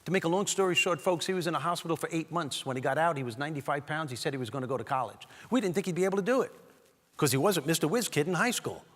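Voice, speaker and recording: A man giving a motivational keynote speech, animated and talking straight to the audience as he tells a story. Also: on the high side, racing. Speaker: keynote speaker. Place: large event hall. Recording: long hall reverb.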